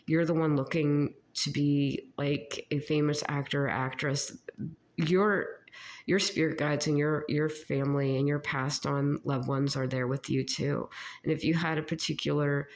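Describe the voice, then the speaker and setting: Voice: medium pitch, fairly even intonation, a little hiss or hum. Sick-voiced psychic reader, meandering and giggly. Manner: meandering, halting, with giggles and restarts. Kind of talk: casual spiritual channeling session.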